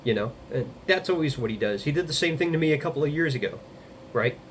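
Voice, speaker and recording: A man's voice: fairly high pitch, animated, slight background noise. Rambling man in his thirties. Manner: rambling, halting, many fillers and restarts; blunt, swears casually. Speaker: vlogger. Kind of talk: casual confessional monologue.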